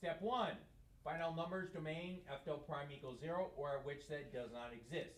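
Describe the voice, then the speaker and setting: A man teaching a math lesson in a slightly higher voice, recorded in an echoey classroom. He lectures conversationally and keeps asking questions that he answers himself. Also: moderate pace. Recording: echoey room.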